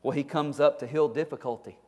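A man's voice: on the high side, fairly even intonation, brisk, darkish tone. A male pastor preaching a fervent, exhorting sermon, often repeating his words as he presses a point. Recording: long hall reverb.

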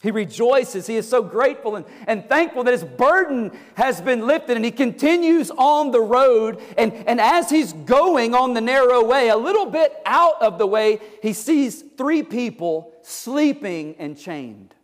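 Fervent high-voiced male preacher. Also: expressive, a little slow, hardly any pauses. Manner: fervent, exhorting, with repeated starts. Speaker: pastor. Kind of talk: sermon. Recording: long hall reverb.

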